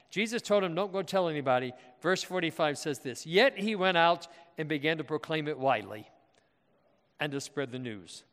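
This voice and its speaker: A male pastor with a high voice delivers a sermon in a large church, his words trailing off into a long reverb. He keeps putting questions to the congregation and stressing the words he wants them to notice.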